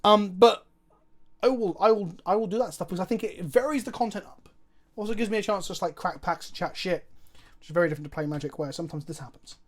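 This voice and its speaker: Guy streaming card games, chats and curses casually, talks through his plays out loud. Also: high voice, fast talker. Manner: chatty and swears casually, thinking aloud. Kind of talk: casual live-stream gameplay commentary.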